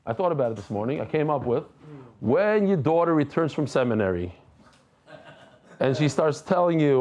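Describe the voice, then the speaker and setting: A man's voice: fairly high pitch, expressive, moderate pace, a little mellow, muffled recording. A man giving a daily Talmud class in a conversational, humorous way, mixing Hebrew and Aramaic terms into his English. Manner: humorous asides. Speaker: Talmud teacher.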